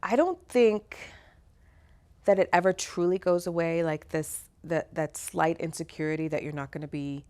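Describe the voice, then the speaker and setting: A middle-aged woman, an actor and singer, telling stories from her career in an interview. She is animated, laughs often and acts out the voices of people in her stories. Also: low-pitched, moderate pace. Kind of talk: conversational interview storytelling.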